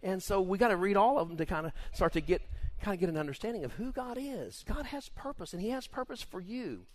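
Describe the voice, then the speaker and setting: A man preaching as a pastor, telling folksy stories in a rambling, animated way. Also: brisk. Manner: rambling and folksy, lively pitch, many restarts. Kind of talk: sermon with folksy storytelling.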